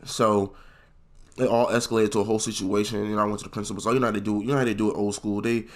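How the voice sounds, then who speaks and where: A young man telling a comedic story from his school days in a casual, slangy, profane way, leaping into high voices when he quotes people. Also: flat delivery, rapid-fire.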